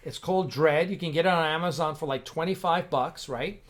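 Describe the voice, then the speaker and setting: Male livestream host, slightly high voice, rambling and excited, casual chat. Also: brisk. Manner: rambling, enthusiastic, lots of restarts. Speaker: host of a fan-film livestream.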